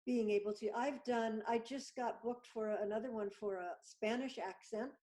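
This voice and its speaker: A woman's voice: fairly high pitch, fairly even intonation, moderate pace, mellow. A woman voiceover artist chatting as a guest on a video-call interview, enthusiastic and talkative.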